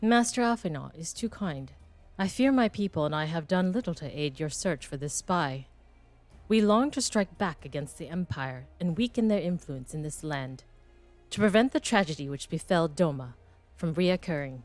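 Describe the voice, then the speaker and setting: A composed ninja clan leader with a low, steady voice, read out by a woman. She speaks in measured, formal game dialogue. Faint music sits under the voice. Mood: earnest. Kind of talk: reading game dialogue aloud on a stream.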